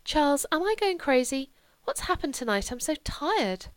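Brief: a woman playing a volatile young woman in a storybook reading, high and sharp, dry close sound. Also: big pitch swings, moderate pace, no echo. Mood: pleading. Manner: high, sharp and pleading outbursts. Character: moody, volatile young woman, tired and tearful.

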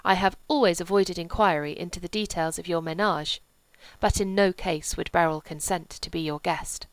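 A woman reading the part of a solemn, placid, pompous gentleman with a grave, measured delivery. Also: lowish voice, steady tone, dry recording, close to an everyday voice, rough recording.

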